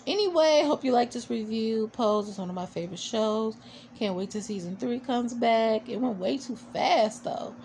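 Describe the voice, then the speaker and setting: A woman's voice: on the high side, normal speed, gravelly, darkish tone, a little hiss or hum. A woman recapping a TV episode in a casual vlog, chatty and opinionated, with sassy asides and lots of fillers. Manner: chatty, full of "you know" and fillers. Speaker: TV show reviewer.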